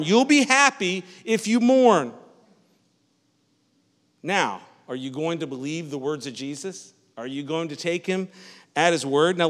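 A man's voice: high voice, a bit bright. A man preaching a sermon as pastor, in a conversational style that often stops to ask the congregation "Amen?" and repeats phrases as he goes. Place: church sanctuary. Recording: reverberant church hall.

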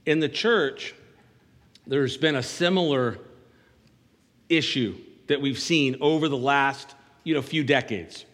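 A man's voice: medium pitch, slow pace, long pauses, fairly bright tone, big-room sound. A man preaching a sermon in a church, speaking conversationally and asking the congregation for an amen. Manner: conversational preaching with call-and-response asides. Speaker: pastor.

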